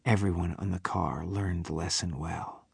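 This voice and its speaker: A man reading a novel aloud in a measured way, sometimes dropping to a whisper. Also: low voice, fairly even intonation, gravelly, breathy edge, dry recording, studio quality. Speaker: audiobook narrator. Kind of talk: scripted narration of a novel.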